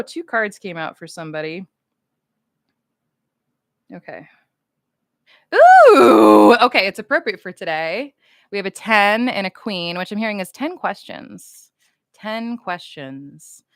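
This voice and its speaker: A woman's voice: mid-range voice, no room sound, clean studio sound. A woman from the United States, chatting casually on a livestream with fans, goofy and rambling as she reads chat comments aloud.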